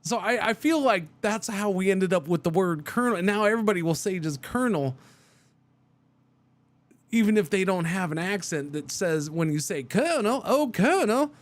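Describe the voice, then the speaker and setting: A man's voice: high voice, moderate pace, dry recording. A man streaming a truck driving game, chatting casually and thinking aloud with many restarts.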